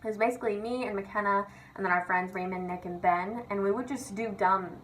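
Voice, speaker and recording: Young woman, vlogger, casual storytelling, giggly, swears a lot, "like" everywhere, average pitch, faint background hiss. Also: fairly even intonation, fairly quick, a bit bright, low-quality recording. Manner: giggly, profane, filler-heavy with constant "like".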